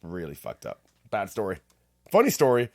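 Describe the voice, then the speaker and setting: A man's voice: lowish voice, wildly swooping pitch, moderate pace. A man co-hosting a podcast, telling a story in casual chat and swearing freely. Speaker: podcast co-host.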